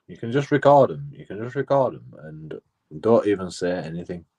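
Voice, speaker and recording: Guy with a lowish voice, casual profane rant that loops back on itself. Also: lively intonation, brisk, a little mellow, dull audio. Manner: profane, repetitive, restarts phrases. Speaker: auditor vlogger. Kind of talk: casual rambling monologue.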